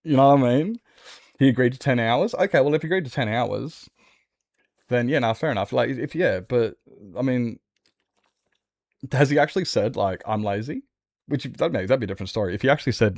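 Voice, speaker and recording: Male game streamer, casual rambling chat, mid-pitched voice, dry close sound. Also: animated, fairly quick, gravelly, a little mellow, dry recording. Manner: rambling, answers chat, trailing restarts. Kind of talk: casual chat while gaming.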